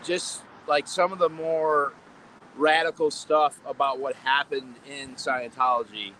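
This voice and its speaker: A man streaming outdoors, laid-back and quick to laugh. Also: a little high, fairly even intonation, bright, forceful tone, a little hiss or hum, low-quality recording. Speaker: streamer and interviewer. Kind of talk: casual live-stream chat.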